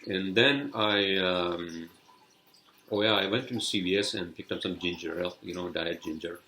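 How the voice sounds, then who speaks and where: A man's voice: sits low, moderate pace, bright, forceful tone, slight background noise, poor audio. A man hosting a solo podcast, telling a story in a rambling, profane way with many fillers and restarts. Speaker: podcast host. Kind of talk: casual solo podcast monologue.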